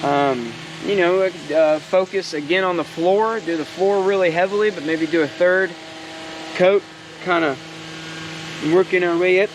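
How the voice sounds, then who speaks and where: A man's voice: high voice, measured pace. A man, rambling casually about his backyard project and joking as he goes. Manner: rambling and joking, given to side rants. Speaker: DIY maker vlogger. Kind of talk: casual workshop chat. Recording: outdoor ambience with noise.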